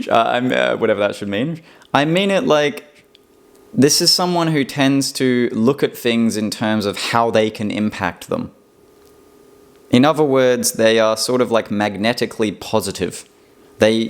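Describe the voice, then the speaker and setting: Casting note: man, lowish voice, rambling reflective solo monologue. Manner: rambling, reflective, many fillers and restarts. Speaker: vlogger. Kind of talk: casual personal monologue.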